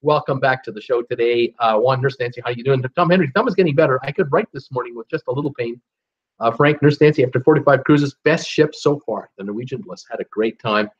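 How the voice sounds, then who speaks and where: A man's voice: medium pitch, fast, highs cut off. A man hosting a live stream, casually reading viewer comments aloud with lots of fillers and restarts. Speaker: host reading live chat.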